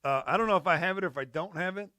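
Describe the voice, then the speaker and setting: A man, a pastor, telling Bible stories in a casual, animated chat over coffee. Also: sits high, rapid-fire, no room sound. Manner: animated storyteller, laughs often.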